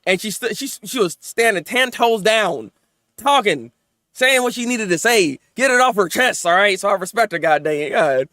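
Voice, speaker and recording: A man hosting a casual anime review, talking in an excited, rambling way, often laughing, stammering and acting out characters. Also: sits high, normal speed, no room sound, clean studio sound.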